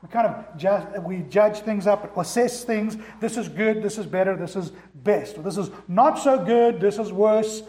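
A man's voice: sits high, a little mellow, reverberant. A man preaching a sermon as pastor, driving points home with rhetorical questions and repetition. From America.

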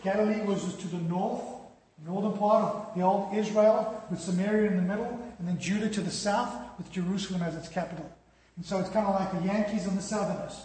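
High-voiced preacher in echoey hall. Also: male voice, a little fast. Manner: storytelling, animated with dramatic drops in volume. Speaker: pastor. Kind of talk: sermon.

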